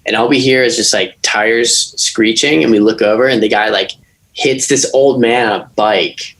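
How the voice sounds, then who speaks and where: A man's voice: mid-range voice, moderate pace, fairly bright tone. A young man co-hosting a podcast, chatting in a laid-back way and saying "dude" and "like" a lot. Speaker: podcast co-host. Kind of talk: casual chat.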